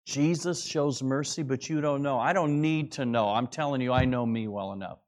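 A middle-aged man preaching a sermon, earnest, shifting between quiet asides and raised, emphatic exclamations. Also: medium pitch, moderate pace. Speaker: pastor.

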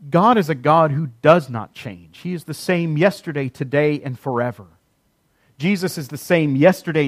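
A man delivers a sermon in a fairly high voice. He hammers his points with repetition and dramatic pauses. The sound is dry and close. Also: dry recording. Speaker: pastor.

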